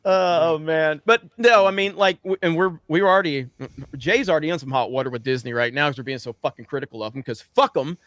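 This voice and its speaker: A man's voice: a little high, fast talker, fairly bright tone, dry recording. A man hosting a podcast in casual chat, laughing often and swearing freely. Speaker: podcast host.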